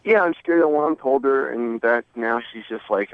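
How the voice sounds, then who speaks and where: A man's voice: medium pitch, moderate pace, clean tone, dry recording. Laid-back male caller on a tinny phone line. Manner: laid-back, lots of fillers like "man" and "bro". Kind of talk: casual phone-in chat.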